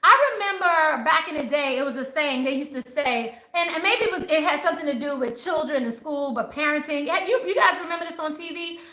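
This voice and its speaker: A woman's voice: high voice, brisk, hardly any pauses. A middle-aged woman, a spiritual advisor, talking casually and animatedly to her viewers and acting out what people say. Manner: animated, acts out quoted voices. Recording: roomy echo.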